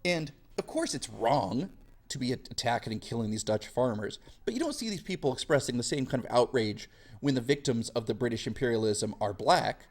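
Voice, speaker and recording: A man's voice: medium pitch, lively intonation, brisk. Sarcastic young male history teacher. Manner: sarcastic, slangy, acts out quoted voices. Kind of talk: casual classroom lecture.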